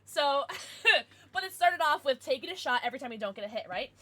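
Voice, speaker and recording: A young adult woman streamer chatting casually with her viewers, with excited outbursts. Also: sits high, fast, slight background noise. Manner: chatty, answers viewers, bursts of excited squeals. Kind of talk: casual live-stream chat.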